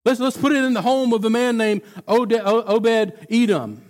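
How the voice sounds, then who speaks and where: Preacher doing a jittery old king, whiny, high and loud, sermon skit. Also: huge pitch swings, unhurried, exaggerated voice. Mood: anxious. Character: agitated ancient king, fretful and pleading.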